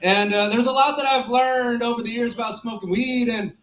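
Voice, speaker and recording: A man of twenty-six starting a stand-up set in a small club, halting with many "uh"s. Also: very high voice, fairly even intonation, a bit bright. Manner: halting, lots of "uh"s. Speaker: stand-up comic. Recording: roomy club echo.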